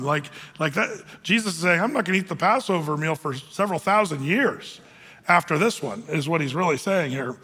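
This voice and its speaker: Bright-voiced pastor man in a hall. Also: sits high. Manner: conversational, with frequent fillers and restarts. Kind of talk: verse-by-verse Bible teaching.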